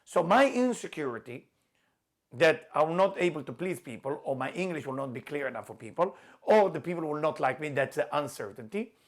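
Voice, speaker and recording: Middle-aged man lecturing a class, slightly high voice, emphatic and repetitive with non-native phrasing. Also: sing-song, a little fast. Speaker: spiritual teacher.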